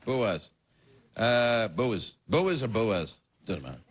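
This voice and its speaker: Male talk show host, slow, laughing through a comic monologue, lively pitch, noisy studio. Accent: Scottish. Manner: laughs often, rambling, playful. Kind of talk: comic monologue reading viewer mail. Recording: TV studio with loud audience noise. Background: audience laughter.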